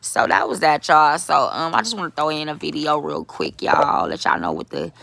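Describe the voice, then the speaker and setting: A middle-aged woman telling a story in a casual vlog, animated, talking to her viewers and swearing freely. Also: deep voice, moderate pace, vocal fry. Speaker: vlogger.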